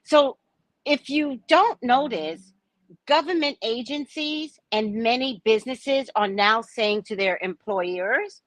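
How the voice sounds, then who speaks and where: A woman hosting a casual livestream, talking in an animated, theatrical way and acting out the people she quotes. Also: a little high, takes it slowly, dry recording. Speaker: psychic livestream host.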